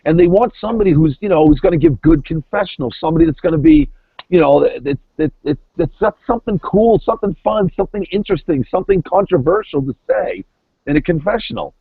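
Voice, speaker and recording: A man's voice: on the high side, animated, fast talker, slightly rough, no echo. A middle-aged man, a former reality show contestant, chatting as a podcast guest over the phone in an emphatic way, often repeating words. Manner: emphatic, repeats words while building points. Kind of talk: casual podcast chat. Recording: tinny dry phone line.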